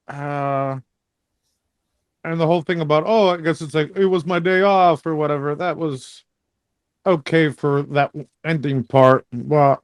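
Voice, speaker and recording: A man's voice: fairly high pitch, no echo, clean studio sound. A man co-hosting a podcast, giving offhand, hesitant opinions about a movie in casual chat. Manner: offhand, hesitant, many ums and whatevers. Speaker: podcast co-host.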